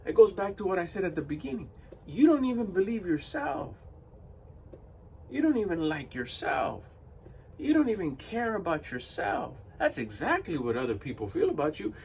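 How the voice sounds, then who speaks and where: A man's voice: high voice, far from the mic, slight background noise. A man giving a blunt, emphatic motivational monologue to camera. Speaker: motivational vlogger.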